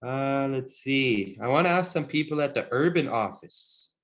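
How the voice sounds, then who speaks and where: A man teaching a Cree language class over a video call, friendly and encouraging, chuckling often and slowing down to model each word. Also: mid-range voice, expressive, fairly bright tone. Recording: dull lo-fi video call audio.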